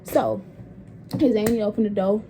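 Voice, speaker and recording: A woman's voice: medium pitch, very animated, moderate pace, background noise. A young woman telling a personal story in a casual vlog, candid and profane. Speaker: vlogger.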